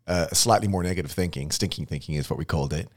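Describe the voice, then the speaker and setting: A man's voice: low voice, fast. A man hosting a casual conversation about real estate, thoughtful and meandering, often restarting his sentences. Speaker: podcast host. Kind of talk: casual interview chat.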